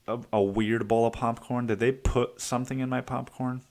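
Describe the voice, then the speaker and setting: A man's voice: medium pitch, steady tone, normal speed, few pauses. A man hosting a solo podcast, talking in a rambling, profane, self-interrupting way. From United States. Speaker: podcast host. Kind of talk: casual solo podcast monologue.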